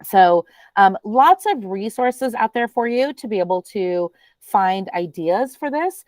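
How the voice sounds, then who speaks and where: A woman presenting a teacher training webinar in a chatty, relaxed way, with many ums. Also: medium pitch, a little slow, dry recording.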